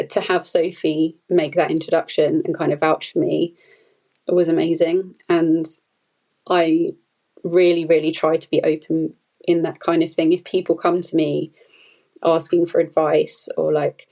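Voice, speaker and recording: This food photographer, a podcast guest, has a deep, dark voice with little pitch movement and a measured pace. The recording is low quality. Her casual interview talk is chatty and meandering, packed with fillers and soft laughs.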